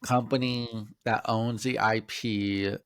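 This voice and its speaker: A man's voice: on the low side, slow, smooth, dry recording, studio quality. A man, a podcast co-host and convention vendor, telling a story in casual chat, swearing freely and acting out the other people's lines. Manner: animated storyteller, acts out quotes, swears freely.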